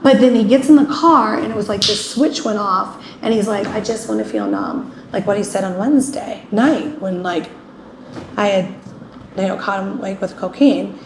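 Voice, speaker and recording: A woman's voice: mid-range voice, normal speed. A woman guest telling a painful personal story in a rambling way, with many fillers, often acting out what people said. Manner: rambling, many "like" fillers, acts out quoted speech. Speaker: interview guest. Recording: echoey room with faint ambient noise.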